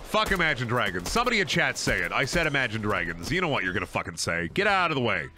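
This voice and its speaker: A man's voice: mid-range voice, big pitch swings, fast talker, noisy background. A man streaming a video game, joking crudely and talking to his chat. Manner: joking, crude, talks to chat, bursts into silly voices. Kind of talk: casual gameplay commentary.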